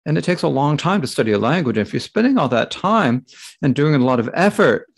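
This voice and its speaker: A man with a gravelly edge carries a Buddhist Dharma talk into English in a halting way, breaking off and restarting often. His pitch rises and falls widely, and filler sounds keep filling the gaps. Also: sing-song.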